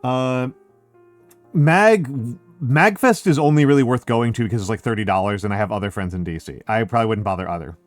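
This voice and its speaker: Brisk and on the low side, a middle-aged man from Chicago, whose accent leans a bit New York, chats casually on his VTuber stream. The recording is dry, with faint music in the background. He rambles, corrects himself often, and uses plenty of fillers.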